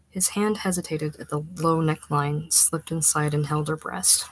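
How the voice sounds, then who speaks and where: Woman narrator for literary fiction, husky low voice, measured delivery. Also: steady tone, no room sound, low-quality recording. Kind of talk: audiobook reading of a literary short story.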